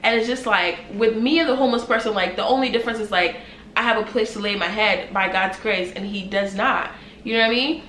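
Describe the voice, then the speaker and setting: A woman's voice: mid-range voice, brisk, fairly bright tone. A young woman speaks straight to her camera, sharing a personal faith testimony in an earnest, emotional way. Her talk is unscripted and rambling, full of fillers. The sound bounces around a reverberant room, with a faint hum of background noise.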